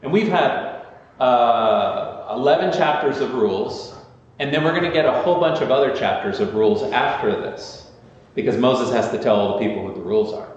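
A man's voice: medium pitch, animated, normal speed. Preaching man in an echoey hall. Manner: earnest, conversational preaching with emphatic repetition. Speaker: pastor. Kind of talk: sermon. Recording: echoey church hall, slightly dull sound.

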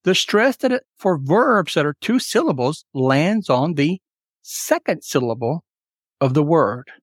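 A man teaching English exam tips in a recorded webinar, explaining clearly and spelling things out slowly. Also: on the high side, very animated, dry recording, studio quality.

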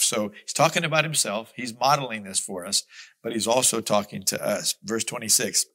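A man's voice: lowish voice, moderate pace, pushed and bright. A man teaching a Bible study, reading scripture aloud and explaining it in an earnest, emphatic, conversational way. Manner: conversational asides with small restarts.

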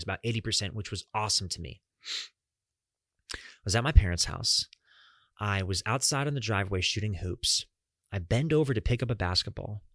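A man's voice: on the low side, bright, forceful tone, dry recording, studio quality. A young man hosting a podcast, earnestly telling a personal story straight to his listeners and swearing casually. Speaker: podcast host.

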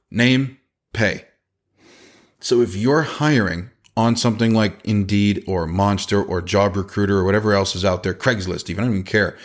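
A man in his forties talks through a casual podcast monologue with a lower voice. He tells stories in an animated way and drops quick asides as he gives his business advice. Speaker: podcast host and business owner.

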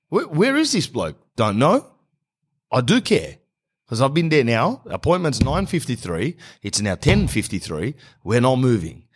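A man, telling rambling, sarcastic comic stories in a blunt way. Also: medium pitch. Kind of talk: comic storytelling monologue.

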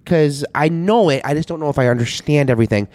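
A man's voice: fairly high pitch, fast, darkish tone, no room sound, clean studio sound. A man hosting a casual chat, asking blunt, curious questions and swearing freely. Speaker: host.

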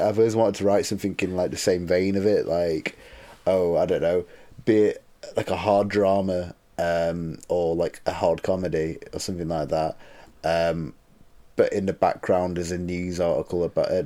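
A low-voiced man co-hosts a podcast, rambling on and laughing along the way. His voice sits near the bottom of a man's range. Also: little pitch movement, normal speed, dark tone. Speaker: podcast co-host. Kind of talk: casual podcast chat.

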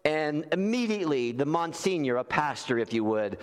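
A man's voice: a little high, big pitch swings, moderate pace. A man preaching a sermon as pastor, earnest and conversational, who repeats key phrases for emphasis. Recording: long reverb in a large hall.

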